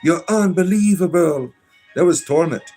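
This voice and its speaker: A man's voice: fairly high pitch, moderate pace, mellow, faint music behind. A man with a Southern US accent hosting a livestream, reading chat comments aloud in a rambling, hesitant way full of uh's and restarts, sarcastic and defiant in his answers.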